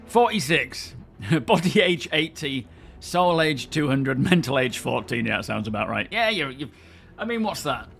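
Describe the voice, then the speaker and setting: Thirties man, mid-pitched, easygoing chat-reading streamer, faint music behind. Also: sing-song, measured pace, gravelly, fairly bright tone. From England. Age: 30s. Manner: chatty, greets viewers by name, friendly banter. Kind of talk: casual live-stream chat.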